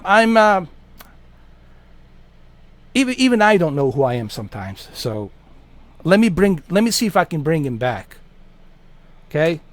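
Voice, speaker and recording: A man hosting a gaming channel, chatting in a casual, rambling way and swearing freely. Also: on the high side.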